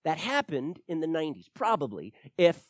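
A man preaching a verse-by-verse sermon, emphatic and animated, at times repeating words as he stresses a point. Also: fairly high pitch, moderate pace, dry recording, studio quality.

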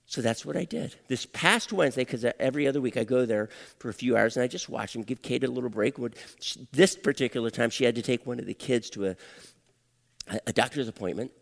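An older man preaching a sermon and telling a personal story, swinging from hushed whispers to loud, emotional outbursts. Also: medium pitch, fast, gravelly. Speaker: pastor. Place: church. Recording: long hall reverb.

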